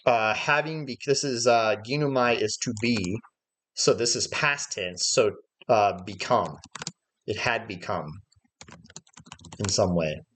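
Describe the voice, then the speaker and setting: A man's voice: lowish voice, slow, long pauses, fairly bright tone, slight background noise. A man leading a livestreamed Bible study lesson, explaining Greek words step by step and thinking aloud with frequent "uh" fillers. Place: church livestream.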